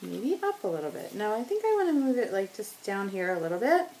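A woman's voice: mid-range voice, big pitch swings, fairly quick, darkish tone, a little hiss or hum, low-quality recording. A woman chatting casually as she works on a scrapbook layout, joking about herself and laughing often. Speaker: scrapbooking vlogger. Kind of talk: casual talk while crafting.

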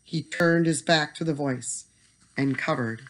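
Casting: a mid-pitched, expressive bedtime story reader. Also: measured pace.

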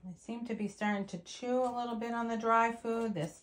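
A woman's voice: on the high side, fairly even intonation, a little fast. A woman filming her puppies, chatting casually and cooing to them in baby talk. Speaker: dog breeder filming puppies. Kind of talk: casual vlog narration.

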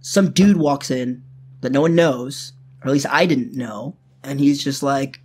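A man's voice: medium pitch, unhurried, husky. A young man telling his own story in first person, casual and profane, full of fillers.

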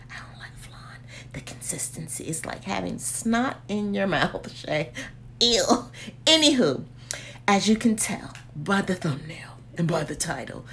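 Woman, slow and lively, playful chat with frequent whispers, faint hum behind. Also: medium pitch. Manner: chatty and playful, often dropping to a whisper. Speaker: candle reviewer vlogger. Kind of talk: casual chat.

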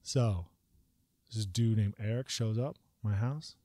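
A man telling a personal story in a casual vlog, animated and profane, rambling with lots of filler words. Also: fairly low pitch, unhurried, no room sound.

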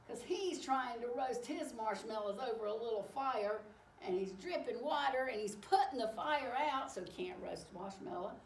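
Animated woman reading a picture book aloud. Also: fairly high pitch, vocal fry, a little hiss or hum. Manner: animated, exclaiming, slow and warm-paced. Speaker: storyteller. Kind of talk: children's read-aloud. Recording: echoey room, far from mic.

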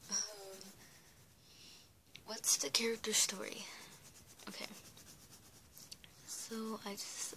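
A woman's voice: medium pitch, noisy background. A young woman giving casual, rambling advice on creating characters, full of restarts and fillers, recorded on a camera mic at home. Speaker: art vlogger. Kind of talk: casual talking-head advice.

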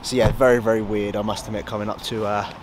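A man's voice: lowish voice, flat delivery, fast talker, background noise. A man, a bodybuilder vlogging a road trip from his car and a supermarket in rambling, sweary banter. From south of England. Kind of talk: casual road-trip vlog.

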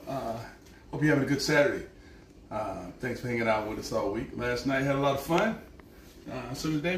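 A man with a Southern US accent hosts a live cooking stream, chatting in a folksy, playful drawl full of "y'all." His medium-pitched voice is lively and a little fast, picked up by a distant mic in an echoey room with slight background noise.

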